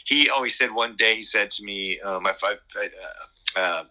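A middle-aged man talking in a casual interview, rambling and halting with many fillers and restarts. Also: on the low side, pushed and bright, rough recording. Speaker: guest musician.

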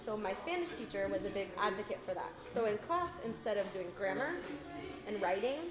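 A woman's voice: mid-range voice, lively intonation, a little fast. An American woman chatting casually, patiently explaining English words and laughing easily. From United States. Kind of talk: casual conversation. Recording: roomy echo.

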